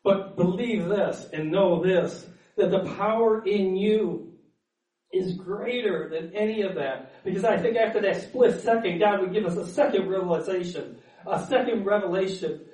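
High-voiced preacher in an echoey church. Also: male voice, normal speed. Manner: earnest, repeats words, builds up then calms. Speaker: pastor. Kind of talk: sermon. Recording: echoey room, mic at a distance.

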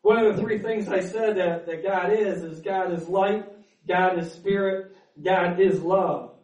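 A man's voice: high-pitched, fairly even intonation, measured pace, a little mellow. A man preaching a sermon as pastor, earnest, stumbling over repeated words and then building up with fervor. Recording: echoey room, mic at a distance.

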